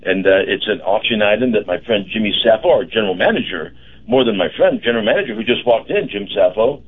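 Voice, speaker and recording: A middle-aged man hosts a casual radio chat and rambles, full of fillers and restarts. His voice sits low. The sound is dull and lo-fi, like an old radio feed. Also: expressive, fast, breathy edge. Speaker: radio host.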